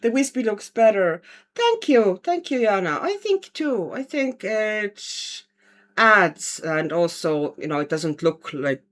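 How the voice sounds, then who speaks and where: A woman from Estonia, chatting casually at home on a livestream while colouring and answering viewer comments. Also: sits low. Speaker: livestream host, colouring artist.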